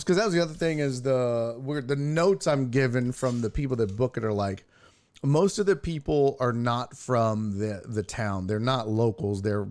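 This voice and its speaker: A man's voice: medium pitch, normal speed, a little mellow. A man hosting a sports podcast, telling a loose, profane road story. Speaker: sports podcast host and comedian. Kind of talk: casual storytelling.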